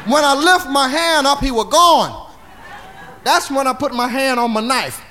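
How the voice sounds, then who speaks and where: On a live comedy record full of crowd laughter and noise, a man spins bawdy, drawling stand-up stories, ending lines with "see?". His voice is very high-pitched and animated, delivered at a measured pace.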